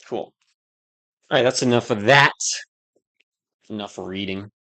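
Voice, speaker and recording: A man's voice: fairly low pitch, unhurried, pushed and bright. A young man chatting casually on a livestream, rambling and joking with lots of fillers. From United States. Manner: rambling and jokey, lots of "like" and laughing. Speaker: streamer.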